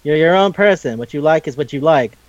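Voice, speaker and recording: Young guy chatting fast and loose, kinda high voice, dry dull mic. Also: no room sound. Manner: animated, acts out characters while retelling scenes, swears freely. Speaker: podcast co-host. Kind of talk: casual chat.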